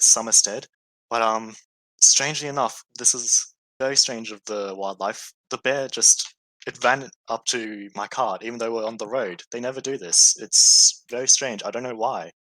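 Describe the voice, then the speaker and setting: A man's voice: medium pitch, normal speed, pushed and bright, no room sound, lightly acted, poor audio. A man voicing a frightened young woman traveler, flustered and breathless.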